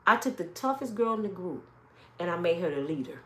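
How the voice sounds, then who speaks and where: A woman's voice: fairly low pitch, expressive, fairly quick, pushed and bright, reverberant. Emphatic woman preaching from home. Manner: emphatic, storytelling, talks straight to viewers. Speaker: motivational speaker. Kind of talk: casual preaching live stream. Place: home, with kids in and out.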